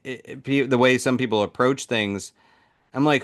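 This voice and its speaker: A man's voice: mid-range voice, normal speed. A man hosting a casual talk show chat, telling stories and acting out little voices as he goes. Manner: animated, acts out voices in his stories. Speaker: podcast host.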